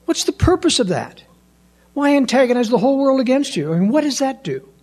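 A man's voice: very high-pitched, very animated, a little fast, a little mellow. An older man giving an emphatic monologue to an audience, firing off incredulous rhetorical questions. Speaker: political commentator.

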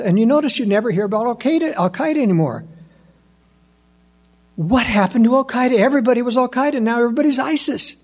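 A man's voice: sits high, darkish tone. An older man giving an emphatic monologue to an audience, firing off incredulous rhetorical questions. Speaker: political commentator.

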